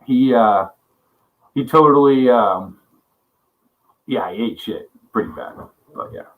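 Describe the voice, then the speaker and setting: A man's voice: medium pitch, takes it slowly, narrow, tinny audio. A man hosting a casual livestream chat, rambling and swearing a lot, often laughing as he greets viewers by name. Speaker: livestream host.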